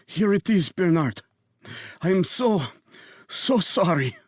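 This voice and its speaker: Man doing a bleeding, gasping man, Eastern European accent, high strained voice, breathless and sorry. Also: lively intonation, slow pace, slightly rough, dry recording, studio quality, full character voice. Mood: desperate. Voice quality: breathless, urgent. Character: dying man, gasping, apologetic.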